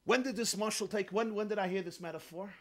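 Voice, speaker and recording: A high, bright male voice delivers a sermon with a lilt. He tells a story animatedly, dropping low for asides and then rising sharply as he acts out the characters. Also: fast talker. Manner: animated, swings from hushed to shouting, acts out characters. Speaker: rabbi.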